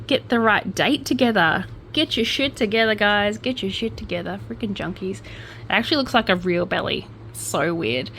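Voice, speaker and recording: An Australian woman at a middling pitch reads crime stories in a relaxed, chatty way, tossing in wry remarks and correcting herself as she goes. A faint hum sits behind her voice. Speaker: crime news vlogger. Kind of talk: casual commentary reading out news stories.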